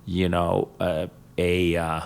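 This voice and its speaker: An older man from Ohio, a business executive as guest, telling stories about his family in a halting, reflective way with fillers. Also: deep voice, completely flat delivery, vocal fry, smooth. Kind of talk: casual interview conversation.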